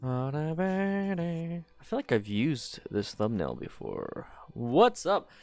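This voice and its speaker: A man hosts a relaxed live stream from his desk, sounding tired after a nap as he greets viewers by name. His voice is smooth and clear, and he rambles between hums. Soft music plays faintly underneath. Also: fairly high pitch, drawn-out words. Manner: loose and chatty, greeting viewers, humming to himself. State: tired, just woke up. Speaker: motorcycle channel host. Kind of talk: casual live stream chat.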